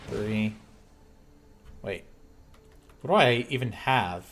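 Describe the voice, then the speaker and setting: Slow-talking man narrating his card game. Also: medium pitch, a little hiss or hum. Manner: reactive, swings between muttering and frustrated outbursts. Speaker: gameplay commentator. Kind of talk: thinking aloud over a card game.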